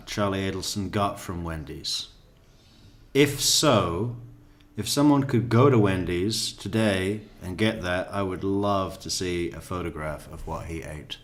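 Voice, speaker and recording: A man's voice: sits low, measured pace, slight background noise. A man hosting a live stream from his office, giving casual, sarcastic and profane asides on a court case. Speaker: live-stream host commenting on a trial. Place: home office.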